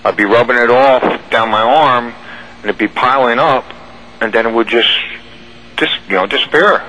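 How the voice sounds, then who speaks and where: A man's voice: mid-range voice, normal speed, pushed and bright, a little hiss or hum, low-quality recording. A man, a radio show guest, recounting a strange personal experience in a rambling, vivid way with restarts.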